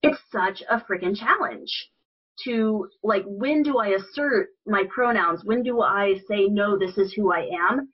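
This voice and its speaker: A guest from rural Missouri speaking candidly and thoughtfully in a podcast interview over a video call. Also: female voice, mid-range voice, unhurried, breathy edge. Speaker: guest, educator and advocate. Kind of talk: casual interview chat. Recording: dull lo-fi sound.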